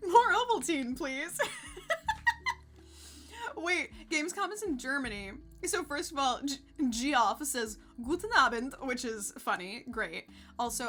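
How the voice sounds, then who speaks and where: A sarcastic woman streamer chats with her viewers in a bright, sharp voice pitched a little high. She laughs often and swears freely. Faint music plays behind her. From United States. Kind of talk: casual live-stream chat.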